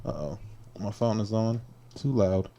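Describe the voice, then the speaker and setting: A man's voice: lowish voice, a little slow, dark tone. A man hosting a casual livestream, joking in loose slang about gym clips, then giving a pep talk. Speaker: livestream host and fitness coach.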